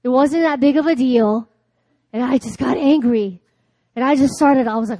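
A woman delivers a sermon, with a high voice heard dry and close. She tells personal stories, acts out both sides of conversations, and often laughs as she goes. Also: expressive, brisk, no room sound. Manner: storytelling, acting out dialogue, laughing often. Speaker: preacher. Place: church.

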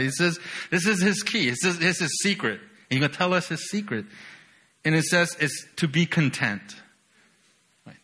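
A young man preaching a sermon with lots of energy, often asking "right?" and swinging from loud bursts to quiet, low lines.

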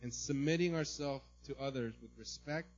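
A man preaching a sermon as a pastor, in a conversational way, often checking in with "right?" and now and then breaking into loud mimicry. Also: medium pitch, moderate pace, lo-fi sound.

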